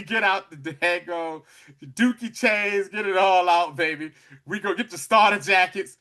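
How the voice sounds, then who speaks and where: A man recaps an episode for his podcast, telling the story in an animated, slangy way. His voice is bright and sits a little high. He keeps the chat loose and playful. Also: unhurried. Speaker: podcast host.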